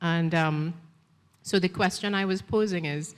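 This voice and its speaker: Trinidadian woman author, lowish voice, measured reading, festival hall reverb. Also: clear, resonant tone. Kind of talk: book reading and panel talk. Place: festival stage.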